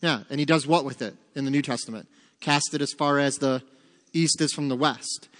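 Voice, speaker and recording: A man's voice: mid-range voice, normal speed, a bit bright. Man teaching Scripture in a hall. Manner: asks the class questions, then answers them. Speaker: Bible teacher. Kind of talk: interactive Bible study teaching.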